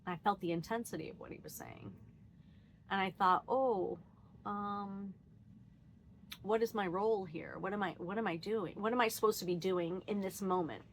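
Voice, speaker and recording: A woman's voice: medium pitch, normal speed, slight background noise. Chatty woman musing on her day. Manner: candid and animated, laughs often, quotes herself; frequent fillers and restarts, thinking aloud. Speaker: vlogger sharing personal reflections. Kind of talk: casual reflective monologue.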